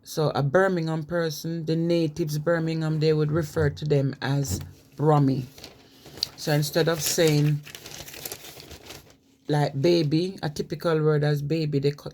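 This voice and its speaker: A woman's voice: low-pitched, flat delivery, measured pace, creaky, warm tone. A woman from Jamaica with a Jamaican accent, giving an informal spoken lecture, conversational and reading from notes with frequent fillers. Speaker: presenter on language.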